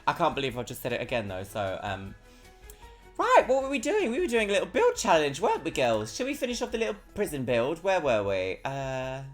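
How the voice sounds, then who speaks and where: A woman streaming a game live, chatting casually and playfully, jumping now and then into high squeals. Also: huge pitch swings, brisk, soft background music.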